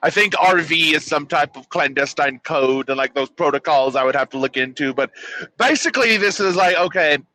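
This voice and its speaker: A man's voice: fairly high pitch, normal speed, sharp tone, rough recording. A man co-hosting a casual podcast, throwing in wry, joking asides. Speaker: podcast co-host. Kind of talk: casual chat.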